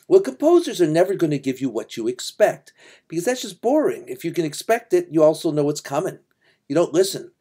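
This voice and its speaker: Relaxed man singing rhythms in a lecture. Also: a little high, breathy edge. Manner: relaxed and chatty, sings rhythms aloud. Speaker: music teacher. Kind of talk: informal lecture.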